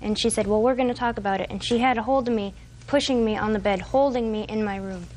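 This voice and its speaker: A woman in her twenties testifies as a defendant in a courtroom. She recounts events at length in a halting way, with faint noise in the background. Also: on the high side, darkish tone. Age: 20s. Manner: halting, long retelling with fillers and restarts.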